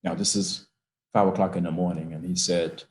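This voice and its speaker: An older man with a low voice tells a personal story in a heartfelt, unhurried way. He speaks over a video call from an echoey room. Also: flat delivery, a little mellow. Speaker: guest speaker.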